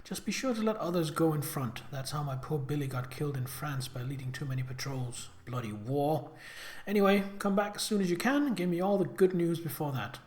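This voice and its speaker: A man's voice: on the high side, animated, brisk, a little mellow, natural voice. A man reading a letter aloud as a chatty, crude working-class young sister, in an attempted Birmingham accent.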